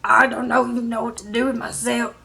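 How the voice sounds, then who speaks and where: A woman's voice: a little high, little pitch movement, fairly quick, gravelly, sharp tone. A woman mimicking an upset, worn-out woman who keeps repeating that she is so upset. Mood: whiny.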